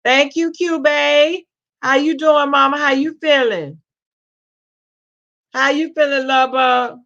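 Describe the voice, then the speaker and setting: Brief: woman, higher voice, relaxed live-stream gossip, talks slowly. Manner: chatty, Southern slang, greets viewers as babe. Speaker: vlogger reading live chat. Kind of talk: casual live-stream chat. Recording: lo-fi dull stream audio.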